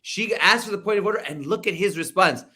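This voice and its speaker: A man giving casual political commentary over a video call, animated and full of fillers. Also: high-pitched, fast, breathy edge. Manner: animated, filler-heavy, loud mimicking outbursts.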